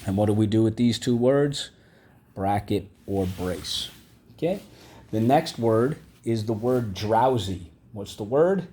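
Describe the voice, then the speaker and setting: A man's voice: on the low side, animated, slow pace, warm tone, a little hiss or hum. A man teaching a vocabulary and phonics lesson, patiently repeating each word and asking the class to say it back. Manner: patient, repeats words and asks the class to echo them.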